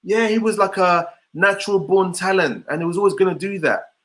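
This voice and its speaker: Energetic man with a high voice. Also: brisk. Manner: energetic, rhetorical, repeats questions to the audience. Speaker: motivational speaker. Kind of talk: online motivational session.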